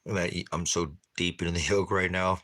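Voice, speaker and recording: A man's voice: deep voice, fairly even intonation, normal speed, a bit bright. A man chatting casually in the desert for an outdoor cooking vlog, talking with his mouth full between bites. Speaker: vlogger.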